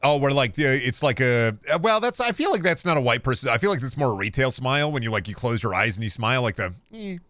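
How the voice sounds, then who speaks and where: A man from Iowa streaming a game, reading chat questions aloud and answering with offhand jokes and gruff mock-dad phrases. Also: mid-range voice, expressive, fast, hardly any pauses, a bit bright, dry recording. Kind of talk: casual live-stream chat while gaming.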